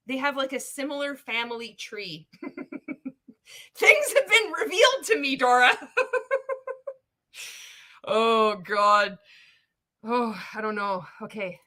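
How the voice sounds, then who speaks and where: A woman's voice: on the high side, slow pace, pauses often, bright, forceful tone. A woman giving sarcastic, swearing reaction commentary on a video. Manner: sarcastic, swearing, bursting into laughter.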